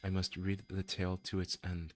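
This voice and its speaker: A man's voice: low-pitched, monotone, normal speed, lightly acted. A man reading as a despairing captive narrator. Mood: resigned. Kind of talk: dramatic game dialogue reading.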